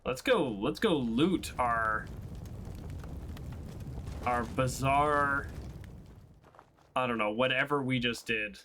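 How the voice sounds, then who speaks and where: A man casually commentating on his own gameplay as host, excitable and self-mocking, often breaking into laughter. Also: medium pitch, takes it slowly, long pauses, slight background noise. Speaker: let's play host.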